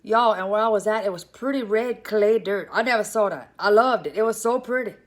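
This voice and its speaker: A woman with a Cajun Louisiana accent telling a comic story in a casual, animated way, calling her listeners "y'all". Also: mid-range voice, fairly quick.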